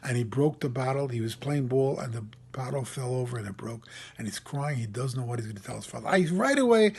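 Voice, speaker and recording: A man serving as a camp rabbi, telling a story in an animated sermon style, voice lifting when he quotes people. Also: medium pitch, brisk. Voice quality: gravelly, husky.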